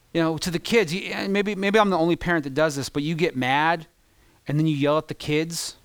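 A man preaching a sermon as pastor, impassioned, swinging between loud peaks and hushed, confessional asides. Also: a little high, fairly quick, no room sound.

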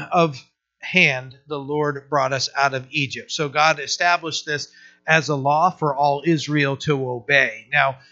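Male pastor, conversational verse-by-verse teaching, bright and a bit high-pitched, halting restarts; dull lo-fi recording. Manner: casual, halting, many restarts and "right?" checks.

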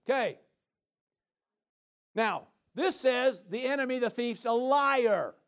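Preaching in a very high voice and at a slow pace, this middle-aged man is animated. He shouts questions to his congregation, then answers them himself with shouts and laughter.

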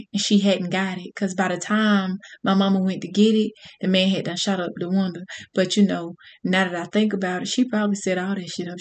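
A woman telling a personal story to an audience in a candid, profane, animated way. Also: medium pitch.

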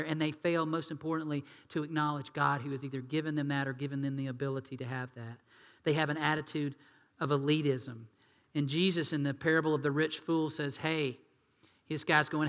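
A man preaching a sermon, animated and acting out quoted voices in hushed tones. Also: fairly high pitch, in a large hall. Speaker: pastor.

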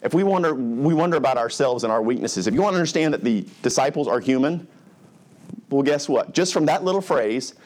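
A man's voice: medium pitch, expressive, fairly quick, a little mellow, a little hiss or hum. A conversational middle-aged male pastor. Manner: conversational, acts out characters' lines. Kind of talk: expository sermon.

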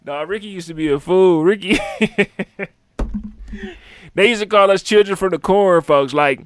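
A man chatting casually, telling animated stories full of profane slang. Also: high voice, moderate pace, slight background noise. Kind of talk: casual podcast chat.

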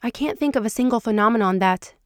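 A woman voicing a skeptical female scientist who argues softly but firmly for science, breathless at times. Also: a little high, fast, clear, resonant tone, no room sound, clean studio sound, lightly acted.

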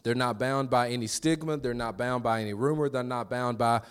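A man preaching a sermon in a conversational way, with quick restarts and call-and-response to the congregation. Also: medium pitch, smooth. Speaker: pastor.

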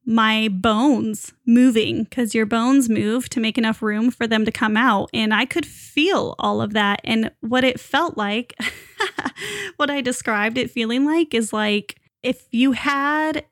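Young woman, casual storyteller, chatty and laughing, slightly high voice. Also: takes it slowly, dry recording, clean studio sound. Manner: chatty, laughs often, many fillers. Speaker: new mother telling her birth story.

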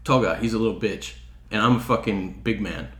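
A man's voice: lowish voice, fairly quick, fairly bright tone, echoey room. A man from Chicago telling a story in casual chat, profane and heated, acting out what people said. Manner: profane, heated, acts out quotes.

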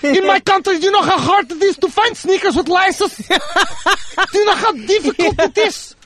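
A man's voice: extremely high pitch, moderate pace, a bit bright, dry recording. A man voicing a stern middle-aged male Russian parent with a Russian accent who scolds his son in an exasperated, pleading way. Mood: scolding.

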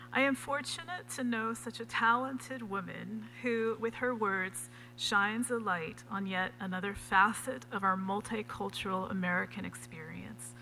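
A woman's voice: mid-range voice, pushed and bright, a little hiss or hum, poor audio. A woman mentor formally introducing a reader at a literary event, speaking admiringly. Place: reading event.

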